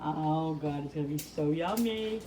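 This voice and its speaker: A woman's voice: deep voice, moderate pace, heavy background noise. A woman in her fifties hosting a casual home cooking vlog from her kitchen, chatty and bubbly, laughing often. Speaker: cooking channel host.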